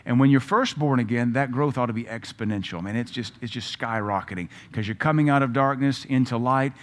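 A man's voice: medium pitch, fairly quick. A man preaching a Bible-teaching sermon, emphatic and repeating phrases for stress. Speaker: pastor.

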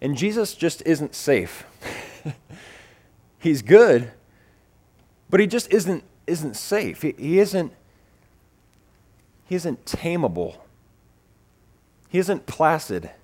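A man preaching with a slightly higher-than-usual voice, animated and building through repeated phrases. He mixes teaching with storytelling and puts on voices for the people in his stories. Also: drawn-out words, pauses often. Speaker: pastor. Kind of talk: sermon with personal storytelling.

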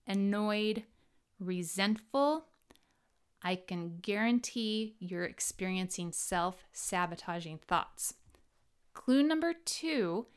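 In a reflective personal monologue about self-help, a woman speaks with animation and stretches out key words for emphasis. Her voice sits at a medium pitch and sounds clean.

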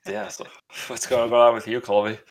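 Gravelly-voiced man teasing in chat. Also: mid-range voice, sing-song, moderate pace. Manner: teasing, dry humor. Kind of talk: casual chat.

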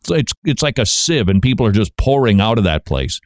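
A man's voice: lowish voice, big pitch swings, brisk, no room sound, studio quality. A man hosting a talk radio show, delivering a monologue full of wry, joking asides.

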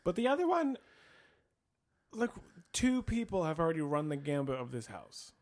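A man's voice: on the high side, normal speed. A man co-hosting a podcast, teasing and arguing with his friend about which choice to make in a gamebook. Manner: animated, argumentative, teasing. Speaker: podcast co-host playing a gamebook. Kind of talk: casual banter over a choose-your-own-adventure.

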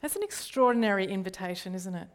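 A woman's voice: medium pitch, animated, fast. A middle-aged woman with an Australian accent, a church leader giving a sermon in an earnest way, often turning to the listeners with rhetorical questions.

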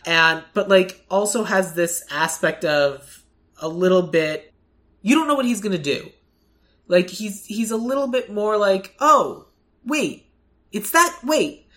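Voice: medium pitch, a little slow, a bit bright. A podcast co-host in casual chat, rambling with lots of fillers and acting out quoted lines.

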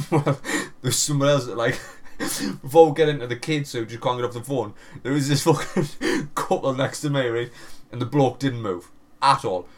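A man in his thirties co-hosts a podcast, spinning stories in casual banter packed with swearing and laughter. His voice sits in the mid range and moves at a normal speed, and he tells his tales with animated energy.

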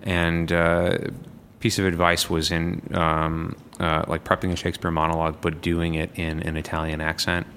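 A man's voice: deep voice, monotone, normal speed, fairly bright tone, a little hiss or hum. A man in casual conversation about acting exercises and improv, speaking reflectively and fluently. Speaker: improv performer.

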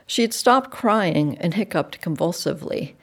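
A woman reading a dark literary story aloud, measured and dropping soft at sentence ends. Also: lowish voice, animated, husky. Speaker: narrator. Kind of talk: audiobook reading.

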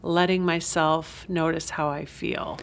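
A woman host with a somewhat low voice, talking casually. She is friendly and reflective and often murmurs agreement while others speak. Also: little pitch movement, measured pace, creaky. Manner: friendly, reflective, chatty with frequent backchannels. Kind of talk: casual chat.

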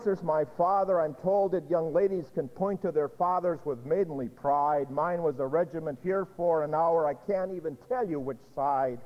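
A man's voice: a little high, voice pushed up, close to an everyday voice. A man reciting as a bitter scorned serving girl. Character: bitter scorned young kitchen maid woman. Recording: dull echoey hall recording.

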